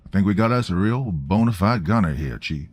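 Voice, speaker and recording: A man voicing an eager young male sailor shouting enthusiastically on a patrol boat. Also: low-pitched, expressive, brisk, soft background music. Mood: excited.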